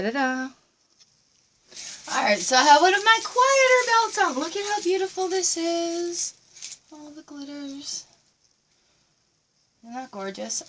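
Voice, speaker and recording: A woman's voice: very high voice, fairly bright tone, far from the mic, a little hiss or hum. A woman teaching a dance lesson from home, upbeat and encouraging, counting out the moves as she goes and a little out of breath. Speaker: dance instructor. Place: room at home with a squeaky floor.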